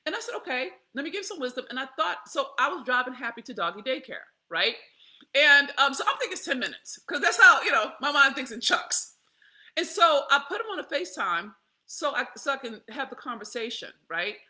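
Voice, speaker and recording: A woman, telling a candid personal story to her viewers in a profane, animated way, laughing often. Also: sits high, a little fast. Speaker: vlogger.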